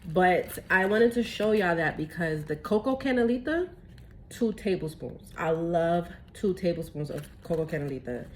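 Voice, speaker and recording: A woman chatting excitedly through a casual phone tutorial at home, saying y'all. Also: lowish voice, a little hiss or hum. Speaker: tea seller showing her teas.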